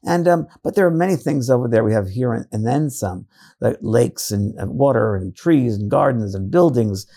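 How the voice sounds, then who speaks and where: A man's voice: medium pitch, animated, moderate pace, creaky, dark tone. A man who is a psychic medium, talking in a casual interview and telling earnest stories with frequent restarts.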